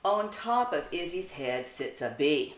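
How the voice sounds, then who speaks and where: A woman reads her children's picture book aloud with a lot of expression. Her voice sits fairly low but swings up and down lively, and the room adds a noticeable echo. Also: a little slow. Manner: expressive, animated. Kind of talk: reading a children's story aloud. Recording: roomy echo.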